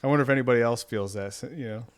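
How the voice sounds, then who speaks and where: Young male co-host from Ohio, loose and profane, mid-pitched easygoing voice, rambles and laughs a lot. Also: racing, clean tone. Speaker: podcast co-host. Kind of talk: casual chat.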